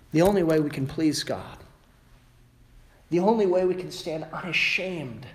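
Emphatic man preaching a sermon. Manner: emphatic preaching with wide swings in pitch and loudness; mocking voices of the world in sarcastic asides. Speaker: pastor.

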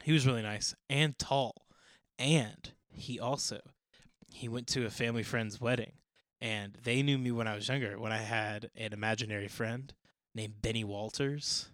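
A man's voice: mid-range voice, a bit bright, no room sound. A man joking and bantering in a casual podcast chat. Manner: joking, quick banter with laughs.

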